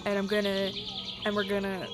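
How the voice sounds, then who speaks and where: A woman's voice: mid-range voice, monotone, fairly quick, loud music behind the voice. A woman streaming a horror game, squeamish and nervous, repeating words and laughing often through a headset mic.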